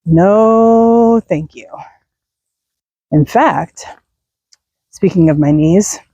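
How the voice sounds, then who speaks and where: Slow, unhurried, a woman talks while she walks her dog through a neighborhood at night, chatty and quick to laugh or sigh. Her voice is mellow and a little husky, recorded close and dry with no room around it. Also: medium pitch, no echo. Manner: chatty, laughs and sighs often. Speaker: vlogger walking her dog. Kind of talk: casual walk-and-talk chat.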